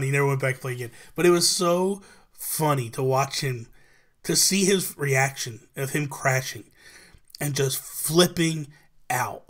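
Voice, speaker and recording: A man co-hosting a casual gaming podcast, telling stories with lots of laughter and excited jumps in his voice. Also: mid-range voice, unhurried. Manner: animated storytelling, laughing often. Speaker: podcast co-host. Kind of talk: casual chat.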